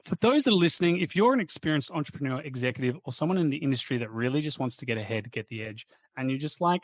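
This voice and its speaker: A man's voice: medium pitch, quick pace, no room sound. Thirty-something guy hosting a podcast, chatty and slangy, dead dry room. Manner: chatty, animated, slangy anecdotes. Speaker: podcast host. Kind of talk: casual podcast storytelling.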